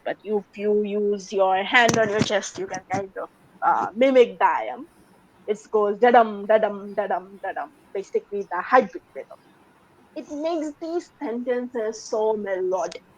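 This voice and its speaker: Bangladeshi woman lecturing, high voice. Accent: Bangladeshi English. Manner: explanatory, steady, with filler ums. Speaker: university English lecturer. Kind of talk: recorded classroom lecture. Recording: dull lo-fi lecture recording.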